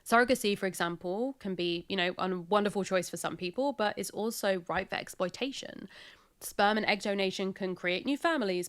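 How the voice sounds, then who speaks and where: A woman with a British accent hosting a video essay, narrating in a brisk, informative way with wry asides. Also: medium pitch.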